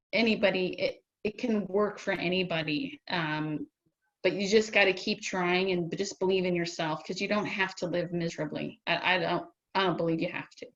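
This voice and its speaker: A woman guest telling her own story in a casual interview, lively and enthusiastic, with many "um"s. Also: medium pitch. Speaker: patient guest. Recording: slightly dull lo-fi audio.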